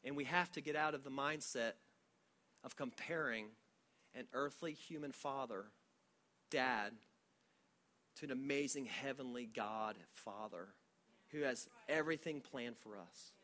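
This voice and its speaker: A man in his forties preaching a sermon to his church in a conversational, storytelling way, with frequent halting restarts. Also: medium pitch, pushed and bright. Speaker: pastor.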